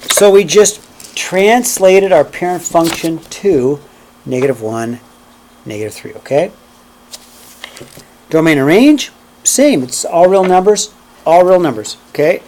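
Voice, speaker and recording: Math teacher guy talking a class through graphing, kinda higher voice, counts out loud, a little background noise. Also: big pitch swings, measured pace, pauses often. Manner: checks in constantly with "okay?" and "right?"; counts steps aloud while graphing. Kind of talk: classroom lecture.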